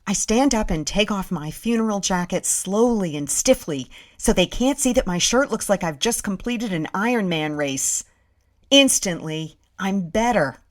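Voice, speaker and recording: A woman's voice: mid-range voice, expressive, measured pace. Wry middle-aged woman storyteller. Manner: wry, self-deprecating humor. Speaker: host and narrator. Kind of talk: first-person storytelling narration.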